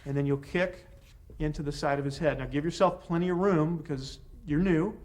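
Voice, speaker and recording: A man's voice: a little high, fairly even intonation, a little fast, a little mellow. Man coaching a self-defense class. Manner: coaching, short commands with encouragement. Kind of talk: hands-on class instruction.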